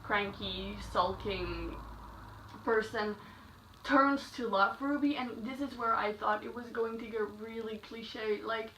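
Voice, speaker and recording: A woman giving a chatty, casual spoken book review, full of "like" fillers and animated asides. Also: fairly high pitch. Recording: echoey room, slightly distant mic, faint noise.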